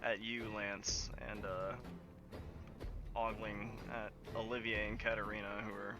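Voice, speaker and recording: A man's voice: lowish voice, little pitch movement, a little slow, over music. A man narrating as game master in a loose, descriptive way, with frequent fillers.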